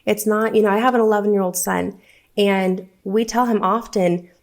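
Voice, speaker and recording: Earnest woman guest on a podcast, talks from the heart, middle pitch. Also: fairly even intonation, normal speed. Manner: earnest, heartfelt, speaks with conviction. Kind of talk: earnest conversational interview.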